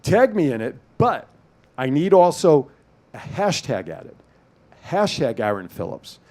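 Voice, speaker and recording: A man's voice: a little high, a little slow. A man hosting a talk show, joking with his guest and taking calls. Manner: joking, animated, takes callers. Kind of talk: casual radio talk show banter.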